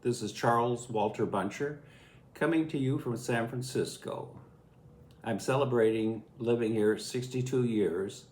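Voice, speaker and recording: A man's voice: mid-range voice, a little slow, a little mellow, slight background noise. A man in his eighties from Illinois, telling a childhood story in a folksy, chuckling way. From Illinois, USA. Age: 80s. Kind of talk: casual spoken memoir. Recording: echoey room.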